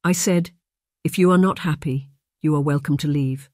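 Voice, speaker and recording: A man's voice: fairly high pitch, steady tone, normal speed, a little mellow, no room sound, studio quality, close to an everyday voice. A man reading an audiobook, voicing a bad-tempered, blustering laird. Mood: angry. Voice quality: harsh, raging.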